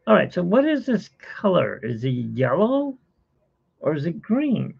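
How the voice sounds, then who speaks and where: A middle-aged man with a gravelly, husky voice drifts through a relaxed live-stream chat at home, unhurried and chuckling as he draws for his viewers. The stream audio is dull and lo-fi. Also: fairly high pitch. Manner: rambling, chuckling, talking to viewers while sketching. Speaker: host. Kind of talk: casual live-stream chat while drawing.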